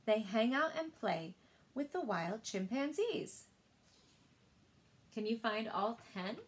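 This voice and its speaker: Expressive woman reading picture books. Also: on the high side, slow. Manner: expressive, sing-song storytelling. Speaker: librarian.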